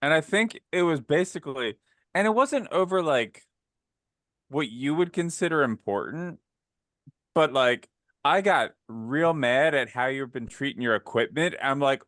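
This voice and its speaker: A man's voice: fairly high pitch, animated, measured pace, a bit bright, no echo, studio quality. A man from the northern US playing in a tabletop game, chatty and laughing often. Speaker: player.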